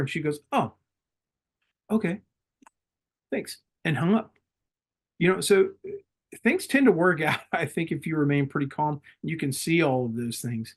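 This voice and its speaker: A middle-aged man, a former Marine leader, telling stories in a calm and reflective way as a podcast guest. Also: fairly high pitch, moderate pace. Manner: calm, reflective, laughs easily. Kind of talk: casual interview storytelling.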